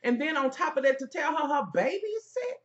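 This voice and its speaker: A woman giving heated, profane commentary as she reviews a reality TV episode, sassy and loud. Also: high-pitched, very animated, fast, lo-fi sound.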